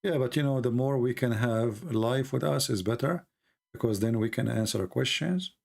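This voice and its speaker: A man hosting a casual livestream, rambling and animated, often mocking people in put-on voices. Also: mid-range voice, normal speed, gravelly. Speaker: livestream host.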